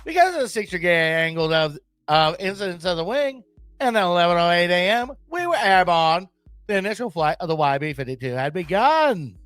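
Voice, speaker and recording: A man's voice: sits high, very animated, brisk, fairly bright tone, clear, resonant tone, no echo, soft background music. A man putting on the voice of a 1920s newsreel announcer, reading with grand, dramatic delivery. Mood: grandiose. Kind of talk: mock old-time announcer reading.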